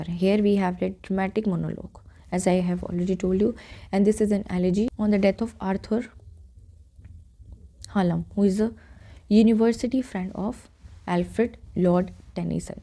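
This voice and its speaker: A woman's voice: medium pitch, gravelly, warm tone. A woman with an Indian English accent giving an exam-prep lecture, explaining step by step and checking in with "okay" and "right".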